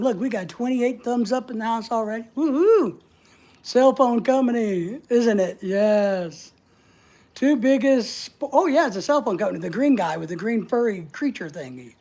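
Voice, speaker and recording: A woman's voice: a little high, warm tone. A woman hosting a casual livestream, answering viewer comments in a playful, teasing way and laughing often. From United States. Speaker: livestream host.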